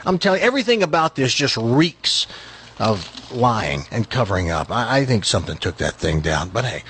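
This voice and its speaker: A man hosting a talk show, chatting casually and telling jokes in an animated, incredulous manner, often repeating words. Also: medium pitch, normal speed, a little hiss or hum. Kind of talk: casual chat and joke telling.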